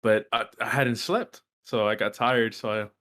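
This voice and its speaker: A young man from Texas, co-hosting a casual podcast chat and telling a story in an animated way, swearing freely. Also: lowish voice, normal speed. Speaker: podcast co-host.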